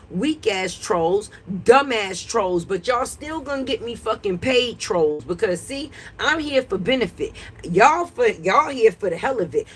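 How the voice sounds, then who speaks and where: A woman's voice: on the high side, breathy edge. A woman hosting a casual livestream from her porch, brash and profane, scolding her chat. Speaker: livestream host. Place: porch outdoors.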